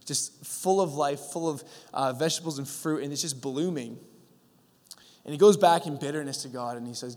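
A young man giving a sermon in a relaxed, storytelling way, full of fillers and acted-out lines. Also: on the high side, normal speed. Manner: casual storytelling with fillers, acting out God's voice. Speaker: pastor. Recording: long hall reverb.

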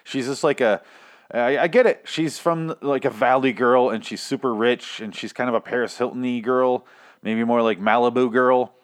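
A man's voice: mid-range voice, moderate pace. A young man casually recapping a TV episode, rambling, swearing often and stumbling over his words while poking fun at himself. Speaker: TV recap podcaster.

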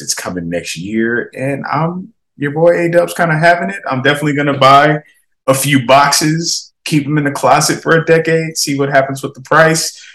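A young man hosting a casual gaming podcast, reading out viewer comments with slangy, animated reactions and frequent laughs. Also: on the low side, low-quality recording. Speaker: podcast host.

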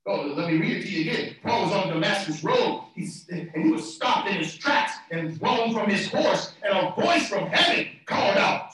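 Male preacher, high and animated, fervent delivery with repeated words; far-off mic, very roomy echo. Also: normal speed, few pauses. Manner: fervent preaching that swings from soft talk to shouts; repeats words and phrases for emphasis. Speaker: pastor. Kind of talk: sermon.

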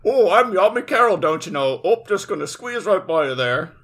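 A prim, entitled church mom who chirps her complaints in a raised, sing-song pitch, as a man puts her on. She is pushy and self-satisfied, and she sounds comedic rather than sinister. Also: expressive, normal speed, fairly bright tone, full character voice. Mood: chirpy. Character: pushy suburban church mom possessed by a pharaoh.

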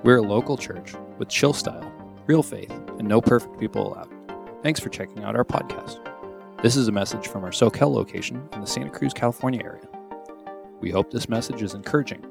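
Gravelly-voiced man reading a podcast intro. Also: lowish voice, fairly quick. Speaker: podcast announcer. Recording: music bed under voice.

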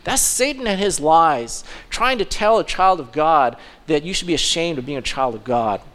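A man preaching a sermon as pastor, fervent and urgent, dropping into soft mocking asides. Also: fairly high pitch, expressive, moderate pace.

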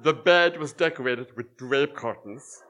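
A man's voice: medium pitch, a little slow, fairly bright tone, slight background noise. A middle-aged man telling a true personal story live on stage to an audience, with dry, wry humour. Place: small live venue with audience.

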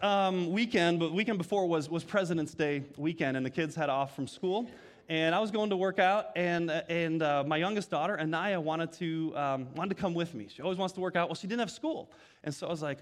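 A man's voice: high voice, long reverb tail. A middle-aged male pastor preaching a sermon, telling a personal story in a conversational way with frequent restarts.

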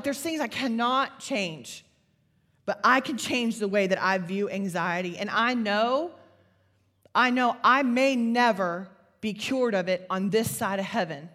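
A woman's voice: on the high side, a bit bright. Give me an earnest, middle-aged woman speaking to an audience in a big echoing hall. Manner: earnest, confessional, builds to fervent. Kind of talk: faith talk to an audience. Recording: long hall reverb.

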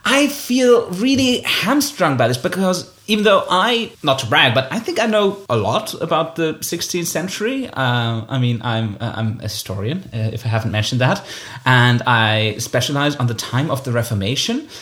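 A man talking casually about a book as co-host, animated and full of fillers and restarts. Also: medium pitch, normal speed. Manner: animated, self-interrupting with fillers.

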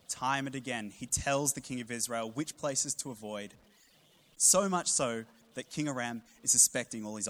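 A man, preaching a sermon with humorous storytelling and animated emphasis. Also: medium pitch. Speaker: pastor.

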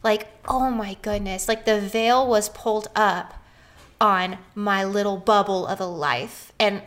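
A woman in her thirties, speaking in a medium-pitched voice without hurrying, relates a personal story on a podcast. She's sincere and animated, with laughter running through her telling.

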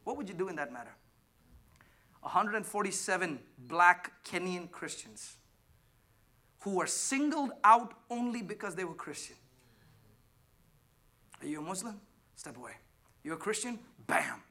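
A man preaching a sermon, emphatic, swinging between loud declarations and hushed asides while questioning the congregation. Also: high voice, very animated, measured pace, pauses often. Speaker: pastor.

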